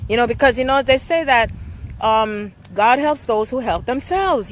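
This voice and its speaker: A woman's voice: on the high side, unhurried, a little hiss or hum. Emotional woman doing a spiritual reading. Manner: emotional, repeats "okay?" often. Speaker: spiritual reader. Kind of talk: live-streamed spiritual reading.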